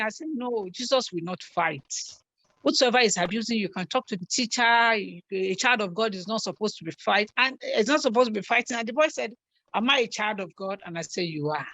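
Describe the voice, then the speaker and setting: A middle-aged woman telling stories from her family life in an earnest, animated way, repeating herself for emphasis. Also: fairly high pitch, no echo. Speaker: guest on a talk show. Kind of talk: earnest conversational storytelling.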